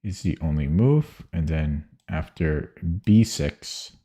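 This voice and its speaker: A man streaming chess puzzles, thinking aloud in halting, muttered phrases and correcting himself as he goes. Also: extremely low pitch, expressive, warm tone.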